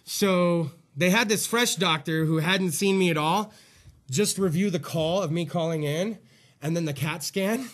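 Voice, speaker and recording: A man's voice: high voice, a little slow. A man hosting a podcast, a little out of breath, rambling and swearing as he tells a story in casual chat. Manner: profane, rambling storytelling with laughs. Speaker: podcast host.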